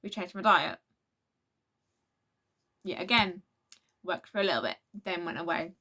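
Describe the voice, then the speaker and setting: A woman's voice: lowish voice, a little slow, bright, forceful tone. A teenage girl, telling a rambling storytime in a casual vlog, full of restarts and acted-out quotes. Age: teens. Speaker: vlogger.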